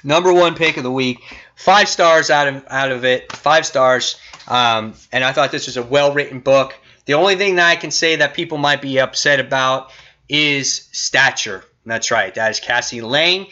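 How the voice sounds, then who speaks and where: A man's voice: medium pitch, normal speed, sharp tone, lo-fi sound. A man casually reviewing comic books, retelling scenes with quoted lines and lots of fillers.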